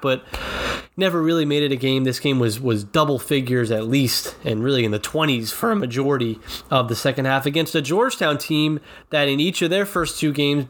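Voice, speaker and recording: A man's voice: medium pitch, a bit bright. A man hosting a solo sports podcast recap. He has a head cold that makes his voice nasal, and he rambles, restarting and repeating phrases as he goes. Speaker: podcast host.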